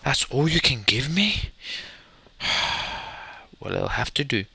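A man's voice: mid-range voice, big pitch swings, slow pace, gravelly, pushed and bright, breathy edge, no echo. A young man giving casual, rambling commentary while playing a building game, muttering to himself and swearing mildly. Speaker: gamer commentator.

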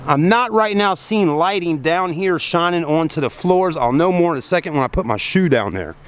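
Hot and tired after a long day, a folksy man gives a casual walkaround car review, first outdoors at a dealership at night, then inside a car. He calls viewers "folks" and chats in a fairly high, smooth voice with lively intonation at a moderate pace.

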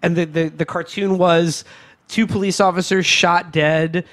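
Halting man with a higher voice. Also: fairly even intonation, fairly bright tone. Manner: halting, with frequent restarts and stammered repeats. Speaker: podcast co-host. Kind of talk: casual chat.

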